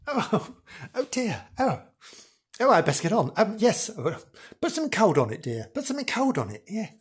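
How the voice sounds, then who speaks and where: A man playing a fussy, dithering woman field reporter in a comic sketch, with a husky voice. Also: high voice, very animated, normal speed, voice pushed up, full character voice. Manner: fussy, dithering, shrieking with alarm. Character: flustered, excitable middle-aged woman field reporter. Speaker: on-location reporter.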